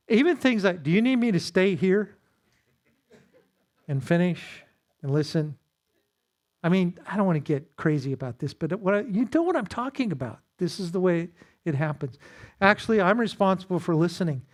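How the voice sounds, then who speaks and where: A slightly high-voiced pastor runs a marriage seminar at a church, keeping things casual and conversational. He jokes at his own expense and acts out short exchanges as he teaches.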